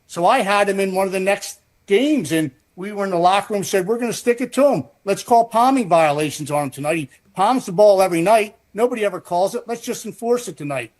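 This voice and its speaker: A man, a former basketball referee, telling a story in a measured, matter-of-fact way in a recorded interview. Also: high voice, expressive, a little mellow.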